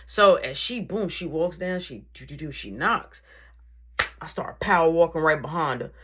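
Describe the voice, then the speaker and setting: A young woman telling a story in a casual, animated way, acting out each exchange of dialogue. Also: sits low, normal speed, husky.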